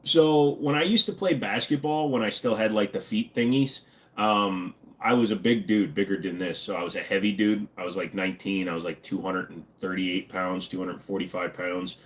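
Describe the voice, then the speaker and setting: A man's voice: deep voice, steady tone, moderate pace. A man in his forties hosting a casual livestream, reading chat messages aloud and answering them in a joking, offhand way. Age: 40s. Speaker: livestream host.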